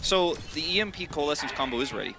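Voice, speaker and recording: Animated man giving esports analysis. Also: a little high, fast talker, vocal fry. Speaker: color commentator.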